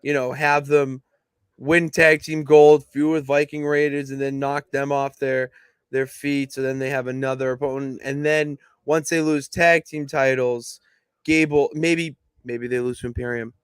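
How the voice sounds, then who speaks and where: A young man co-hosting a casual wrestling podcast, emphatically pitching how storylines should go. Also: a little slow, clear, resonant tone, dry recording, studio quality. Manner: emphatic, animated booking pitches. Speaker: podcast co-host. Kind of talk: casual wrestling analysis chat.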